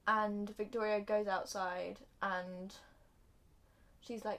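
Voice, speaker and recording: A young woman recapping a film plot for comedy, acting out the characters' lines in an animated way. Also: medium pitch, moderate pace. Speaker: video reviewer.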